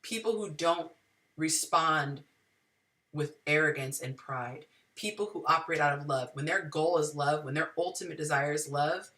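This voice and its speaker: A woman's voice: deep voice, pushed and bright, distant mic. A woman hosting a live dating advice talk, speaking to viewers in an emotional, preachy, spiritual way.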